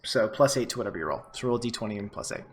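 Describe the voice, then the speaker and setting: A man's voice: fairly low pitch, lively intonation, rapid-fire. A man narrating as game master of a tabletop game, casual and full of fillers.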